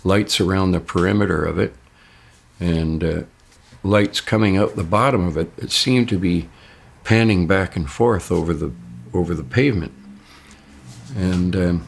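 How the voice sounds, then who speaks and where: A man's voice: low voice, creaky, a little hiss or hum. An older man casually telling a first-person story, jumping his voice up when he quotes others. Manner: raises his voice sharply when quoting others. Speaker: interviewee recounting an experience.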